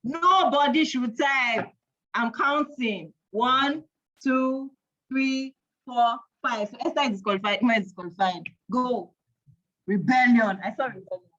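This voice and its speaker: A woman hosts a live online parenting quiz. Her voice sits a little high. She counts aloud and teases the audience in a playful, chatty way, and the stream audio sounds dull and lo-fi. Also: normal speed, a bit bright. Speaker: host of an online parenting event.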